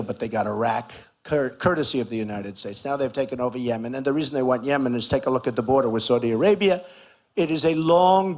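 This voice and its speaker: A man's voice: mid-range voice, a little mellow. A man giving a campaign rally speech at an outdoor barbecue, talking emphatically and repeating his points. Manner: repetitive, emphatic, conversational riffing. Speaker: political candidate speaking at a rally.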